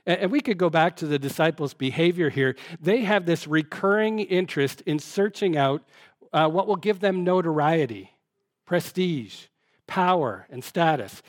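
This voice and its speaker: Pastor, male, slightly raised pitch, earnest conversational sermon delivery, dry close recording. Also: dry recording. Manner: earnest and conversational, with frequent restarts and rhetorical questions.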